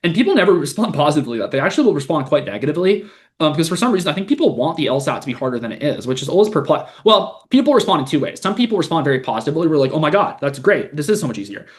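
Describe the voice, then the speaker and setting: Blunt fast-talking young man. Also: fairly high pitch, big pitch swings. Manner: blunt, sarcastic, swears freely. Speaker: podcast host, LSAT tutor. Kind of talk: casual commentary reading a post aloud.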